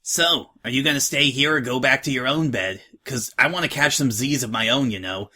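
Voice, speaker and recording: A man's voice: medium pitch, brisk, sharp tone. A man doing a brash, tough young filly. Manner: blunt, slangy, offhand. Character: brash, tough young filly, slangy orphan-home veteran.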